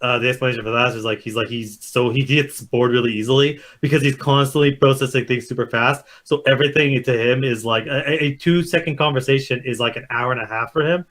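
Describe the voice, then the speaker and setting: A man's voice: medium pitch, fast talker, few pauses. A man co-hosting a casual chat, telling events with lots of acted-out quotes and fillers. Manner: animated storyteller, acts out quotes. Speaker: podcast co-host.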